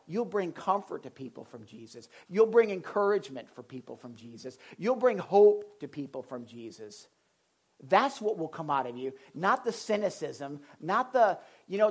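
A man's voice: sits high, slightly rough. A man preaching a sermon as pastor, impassioned and emphatic, driving points home with repetition.

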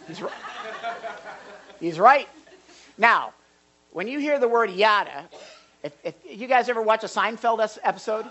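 A pastor preaching a sermon in a church hall, animated and getting excited as he goes, with jokey asides to the congregation. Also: medium pitch, normal speed, muffled recording. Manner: animated, gets excited and louder.

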